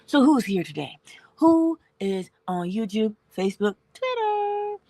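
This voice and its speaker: A woman hosting a morning inspiration livestream, giving an animated spiritual talk and dropping at times into whispers. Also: a little high, unhurried, dry recording. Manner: animated, acts out dialogue in voices, drops to whispers.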